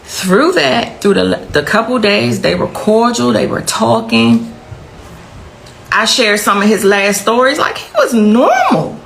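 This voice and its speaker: A woman's voice: a little high, big pitch swings, a little slow, creaky, a bit bright, slight background noise, poor audio. A middle-aged woman telling her own emotional account as a victim's mother, intense and repeating phrases for emphasis.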